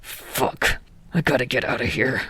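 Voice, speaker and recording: Woman doing a gravelly, hot-tempered young hero. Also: deep voice, flat delivery, very slow, dry recording, voice pushed down, exaggerated voice. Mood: desperate. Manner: snarling, swearing outbursts. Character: hot-tempered young male hero, brash and foul-mouthed. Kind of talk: fan audiobook reading.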